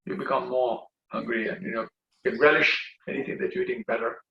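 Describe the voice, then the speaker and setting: A man voicing a kind motherly woman giving gentle instructions to a guest. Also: mid-range voice, steady tone, quick pace, vocal fry, recorded from a distance, close to an everyday voice. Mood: kindly. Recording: roomy, dull recording.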